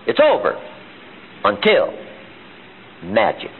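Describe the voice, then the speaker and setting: A motivational speaker pitched a bit high, his voice leaping up and down as he drives home each point. He fires off rhetorical questions at a seminar crowd. The sound is thin and phone-like, like an old archival tape. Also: sing-song, a little fast, husky. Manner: emphatic, full of rhetorical questions. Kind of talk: live seminar talk. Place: seminar room.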